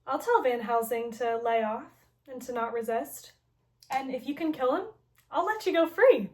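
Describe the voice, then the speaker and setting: A woman's voice: high voice, animated, normal speed, a little mellow. Woman paraphrasing a taunting villain. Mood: mocking. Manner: casual paraphrase full of "like". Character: taunting male mad-scientist villain.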